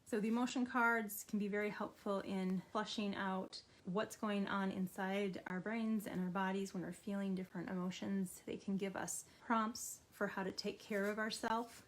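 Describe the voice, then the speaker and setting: Woman, middle-aged, art therapist, gentle, encouraging, talks straight to the viewer, mid-pitched voice. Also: steady tone, normal speed, few pauses. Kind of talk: instructional art therapy video.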